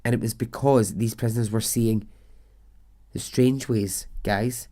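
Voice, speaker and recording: Mellow-voiced man telling a story. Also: mid-range voice, fairly even intonation, a little slow. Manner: chatty, swears, laughs at absurd details. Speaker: podcast host and storyteller. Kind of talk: casual storytelling narration.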